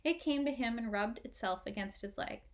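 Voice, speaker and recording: A woman reads a children's chapter book aloud. Her narration is gentle and expressive, in a slightly high voice. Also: fairly quick. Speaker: audiobook reader. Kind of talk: storybook narration.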